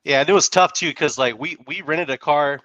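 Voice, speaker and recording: A man from the United States chatting casually as a podcast guest, relaxed, with stammered restarts. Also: on the high side, fairly quick, no echo. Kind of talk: casual chat. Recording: dry, dull lo-fi sound.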